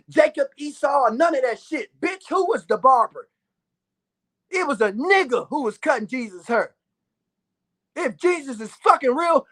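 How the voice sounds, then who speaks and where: A man in his thirties delivering a loud, profane ranting monologue to his viewers, with bursts of shouting. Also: extremely high pitch. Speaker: vlogger.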